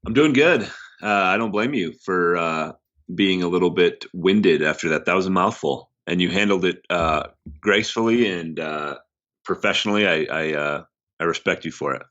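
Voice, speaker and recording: Deep-voiced hesitant male co-host. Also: normal speed, fairly bright tone, muffled recording. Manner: hesitant, lots of ums and restarts. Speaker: podcast co-host. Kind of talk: casual sports podcast talk.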